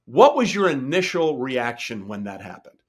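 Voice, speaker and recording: A man's voice: medium pitch, big pitch swings, normal speed, breathy edge. A middle-aged man hosting a podcast, asking questions and encouraging his guest in a casual, conversational way. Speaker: podcast host.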